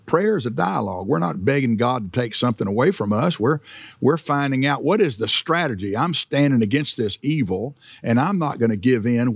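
A man's voice: mid-range voice, vocal fry, husky, no echo. A middle-aged male pastor giving a sermon in a church, in a conversational preaching style with frequent fillers and restarts.

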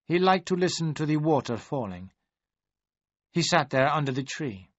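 A man voicing a polite, worried male servant at a villa, speaking formally with careful, halting phrasing. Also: a little high, big pitch swings, no echo, voice pushed up. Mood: gentle. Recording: dry, slightly dull audio.

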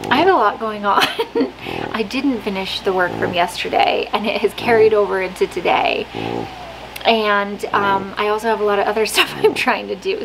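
A woman talking straight to her camera at home, rambling in a chatty way and often making fun of herself. Her voice sits at a middle pitch for a woman. A steady hiss of background noise runs under the home recording. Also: vocal fry. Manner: chatty, self-deprecating, laughs often. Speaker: vlogger. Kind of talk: casual vlog chat.

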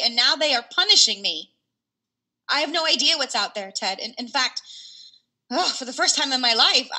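Fired boss, high bright voice, halting, emotional. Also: female voice, husky, exaggerated voice. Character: anxious, indignant woman boss losing her job. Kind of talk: audio drama reading.

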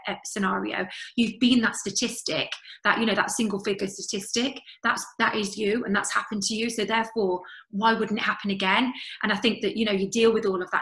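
Earnest bright-voiced woman. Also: medium pitch, poor audio. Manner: earnest, many fillers and restarts. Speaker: interview guest, charity fundraiser. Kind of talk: conversational interview.

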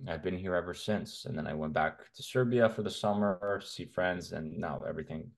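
A man from Canada, a men's health coach, talking as a guest in a casual interview in a blunt, opinionated way. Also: low-pitched. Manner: blunt, opinionated, talks in long runs.

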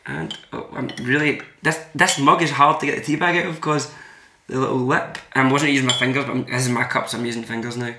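A man talks his way through making tea in a playful, mock-serious ramble, trailing off and circling back. His voice sits at an ordinary pitch for a man. The kitchen rings with echo, and cutlery and dishes clatter behind him. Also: fairly even intonation, fast talker, noisy background. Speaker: host making tea on camera. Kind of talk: casual chat.

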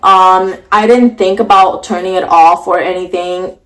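A woman's voice: on the low side, steady tone, a little slow, a bit bright. A young woman retells a scary night in a storytime vlog. She talks in a shaky, emotional way, full of fillers and restarts. She sits on the floor at home, close to the camera mic. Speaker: vlogger.

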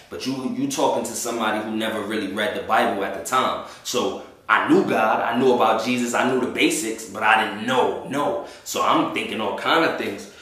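A man's voice: medium pitch, sharp tone. A man giving a religious testimony in a casual, slangy storytelling way, acting out what people said. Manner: casual, slangy, acts out quoted speech. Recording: echoey room, voice far from mic.

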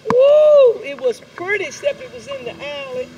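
A woman's voice: extremely high pitch, brisk, gravelly, highs cut off, a crowd in the background. A woman in her seventies with a Southern US accent, coaching children at tennis on an outdoor court with genteel endearments. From Eastern North Carolina. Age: 70s. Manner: genteel, sprinkles endearments like sugar and darling. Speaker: manners camp teacher. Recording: distant voice under loud music.

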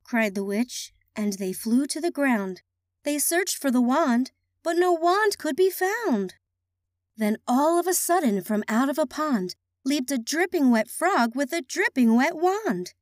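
Expressive sing-song woman reading a picture book. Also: high voice, measured pace, no room sound, clean studio sound. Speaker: children's story reader. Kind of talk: read-aloud picture book narration.

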